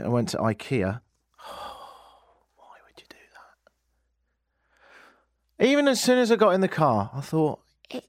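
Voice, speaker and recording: Lively radio host. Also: male voice, lowish voice, no room sound, studio quality. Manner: animated, joking storyteller. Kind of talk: comic radio monologue. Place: radio studio.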